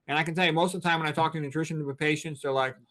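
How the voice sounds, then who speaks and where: A blunt doctor in his sixties lectures with plenty of emphasis. His voice sits a little higher than most men's. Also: fairly even intonation, racing, sharp tone. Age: 60s. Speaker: physician, guest. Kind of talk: interview talk.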